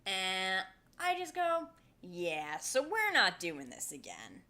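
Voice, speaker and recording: A woman in her twenties, co-hosting a podcast, telling a story in casual chat with animated delivery and heavy swearing. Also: medium pitch, takes it slowly. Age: 20s. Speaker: podcast co-host.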